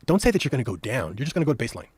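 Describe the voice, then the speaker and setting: A man's voice: medium pitch, very animated, very fast, a little mellow, husky, no echo. A middle-aged man telling stories animatedly and emphatically as a podcast guest on a studio mic. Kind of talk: storytelling conversation.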